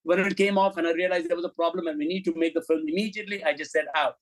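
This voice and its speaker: Racing along in a fairly high voice on a low-quality recording, a middle-aged film director tells the interviewer lively stories. He's blunt and profane and acts out the dialogue as he goes.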